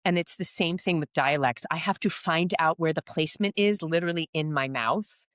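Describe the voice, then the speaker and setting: A woman actor chatting casually in an interview, animated and laughing often as she quotes herself. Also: deep voice, a little fast, no room sound, clean studio sound. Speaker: actor in a stage musical.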